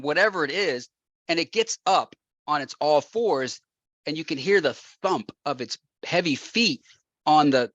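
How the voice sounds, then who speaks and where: A man, a real estate investor as guest, telling an animated anecdote with frequent laughs and acted-out quotes. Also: on the high side, no echo. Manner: laughs often, acts out quotes.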